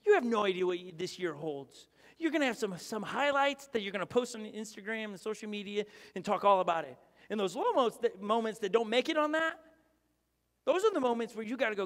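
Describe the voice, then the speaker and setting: A man preaching a sermon as pastor, animated, acting out prayers and quotes in different voices. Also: sits high, normal speed. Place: church auditorium. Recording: preaching in a reverberant hall.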